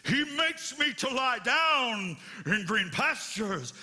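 A man voicing a showy male drama professor who recites in a grand, drawn-out manner that swells into shouts. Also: very high voice, sing-song, pitched above the performer's own voice, full character voice. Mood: theatrical. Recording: sanctuary with long reverb, music behind.

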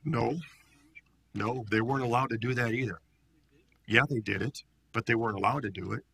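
A male pastor leads a Bible study, animated and conversational, and acts out each quote. His voice is gravelly and bright with a husky edge. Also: mid-range voice, fairly quick, no room sound.

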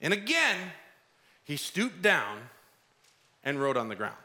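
A middle-aged man preaching a sermon, lively, acting out the voices of the people in the story. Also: a little high, slow pace. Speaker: pastor.

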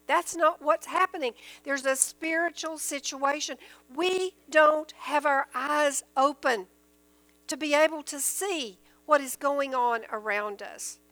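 A woman leads a Bible study, reading scripture aloud and then explaining it in plain, earnest words. Her voice sits high and sounds bright and clear. A faint electrical hum runs underneath the recording. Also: takes it slowly, no room sound, poor audio. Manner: earnest, explains verses in plain everyday terms. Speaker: Bible teacher.

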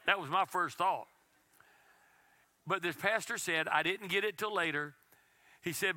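A man preaching a sermon as pastor, telling a story in a conversational way and dropping to a soft, intense tone. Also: high voice, normal speed, dry recording.

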